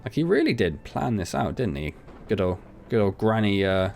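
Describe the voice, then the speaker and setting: A man's voice: on the low side, very animated, moderate pace, gravelly, a little mellow, soft background music. A young man chatting casually and rambling as he plays through a farming game, poking fun at himself. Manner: chatty, rambling, self-mocking. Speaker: gaming channel host. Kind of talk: casual let's play commentary.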